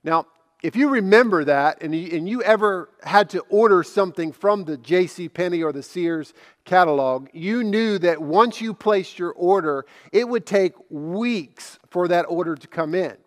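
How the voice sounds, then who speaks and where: A middle-aged male pastor delivers a sermon in a high, bright voice. He tells stories slowly and leans on his key words. The voice carries a long reverb, as in a large hall. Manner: slow, emphatic preaching with storytelling.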